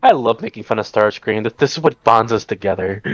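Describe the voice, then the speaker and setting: A man's voice: lowish voice, very animated, a little fast, no echo, highs cut off. A man playing in a tabletop role-playing game over a voice call, rambling, laughing a lot, swearing and tripping over his words. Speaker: player. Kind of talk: casual play chatter on a voice call. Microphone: voice call microphone.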